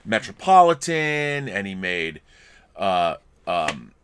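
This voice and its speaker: A jokey man hosts a casual movie chat over wine, his voice swinging lively up and down with a bright edge. He restarts his sentences in quick stammers, and the recording is dry and close. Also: sits low, smooth, no echo. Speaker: movie podcast host.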